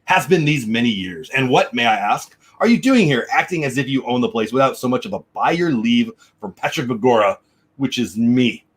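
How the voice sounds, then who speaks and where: Grumpy little leprechaun for a storybook read, a man reading it in his own husky voice. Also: medium pitch, lively intonation, a little fast. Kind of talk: picture-book read-aloud.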